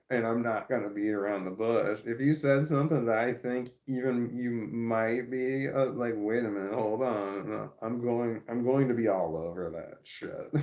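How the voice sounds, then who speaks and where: A man's voice: medium pitch, creaky, darkish tone. A man talks candidly on a live stream in a mid-range voice, stammering and restarting his words as he goes. He is blunt and earnest, reading viewer comments aloud and swearing casually.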